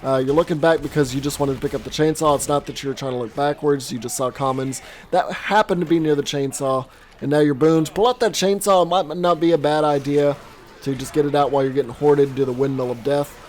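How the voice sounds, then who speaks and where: A man coaching a player over gameplay footage in casual commentary, animated with quick reactions and a voice strained from talking. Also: on the high side, slight background noise. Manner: animated, quick reactions, self-deprecating asides. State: voice strained from long recording.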